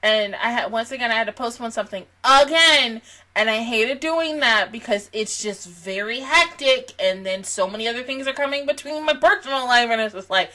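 A young woman hosting an anime reaction video late at night, tired, chatty and quick to laugh and exclaim. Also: a little high, pushed and bright. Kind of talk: casual reaction commentary.

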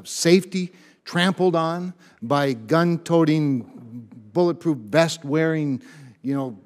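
Emphatic senator in a reverberant hearing room. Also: male voice, mid-range voice, a little mellow. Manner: emphatic, stresses and repeats key words; frequent restarts and word repeats. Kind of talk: committee hearing statement.

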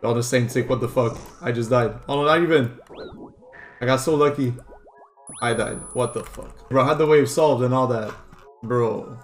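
A young man streaming a game live, excitable and swearing, swinging from loud cheers to annoyed muttering. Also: medium pitch, moderate pace, faint music behind. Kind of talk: live gameplay commentary.

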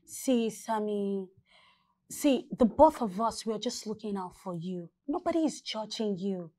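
A gentle, soothing friend. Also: female voice, medium pitch, measured pace. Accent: Nigerian. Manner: soothing, calming.

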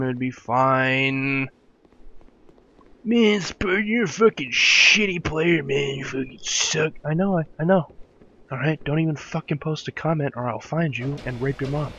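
Slow, cursing young gamer man. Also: mid-range voice, fairly bright tone, highs cut off, a little hiss or hum. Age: young adult. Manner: cursing, exasperated muttering at the game. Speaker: let's play commentator. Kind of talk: frustrated gameplay commentary. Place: room at his parents' home.

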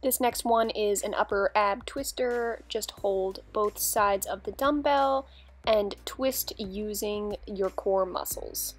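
A woman's voice: medium pitch, slow pace, soft background music. A young woman talking through a dumbbell workout in a chatty, upbeat, instructive way, like a fitness vlogger.

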